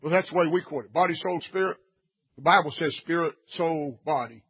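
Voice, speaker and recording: A man preaching a sermon in a blunt, scolding way, swinging from quiet teaching to shouts. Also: on the high side, fairly quick, slightly rough, lo-fi sound.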